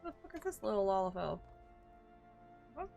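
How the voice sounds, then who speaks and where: A woman's voice: medium pitch, sing-song, normal speed, creaky, dark tone, faint music behind. A young adult woman streaming a game, making casual, profane, joking asides.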